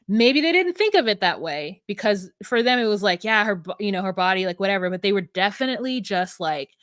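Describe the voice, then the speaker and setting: A woman co-hosting a podcast, retelling a reality show in casual, animated chat full of "like". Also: medium pitch, brisk, dry recording, studio quality. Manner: animated storyteller, frequent "like". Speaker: podcast co-host.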